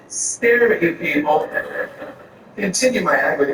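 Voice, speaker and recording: A man's voice: high voice, a little fast, background noise. A man from Florida doing a stand-up set on a comedy club stage, ranting crudely. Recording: echoey room from far off, audience ambience.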